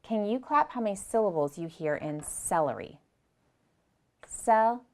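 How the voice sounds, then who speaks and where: Patient preschool teacher woman, low voice. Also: animated, normal speed. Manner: gentle, patient, speaks to small children and repeats instructions. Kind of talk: slow, clear lesson for young children.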